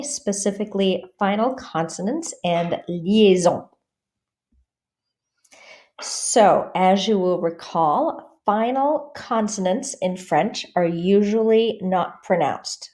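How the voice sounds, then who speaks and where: A woman teaching a pronunciation lesson, saying example words slowly and clearly and then explaining them in a calm, careful way. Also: lowish voice. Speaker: French teacher.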